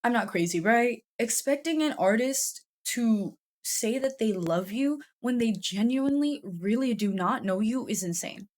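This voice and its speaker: A woman's voice: a little high, animated, measured pace, few pauses, darkish tone. Chatty, swearing woman commentator. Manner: chatty, swears freely, laughs often. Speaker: YouTube commentator. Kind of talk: casual commentary vlog.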